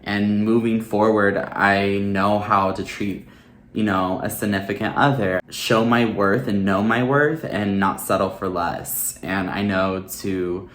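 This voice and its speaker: A man's voice: lowish voice, fairly even intonation, a little slow, echoey room. A man speaking earnestly and openly in a personal vlog, reflecting on his year and giving advice. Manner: earnest, open and heartfelt, with filler "like" and "you know". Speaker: vlogger.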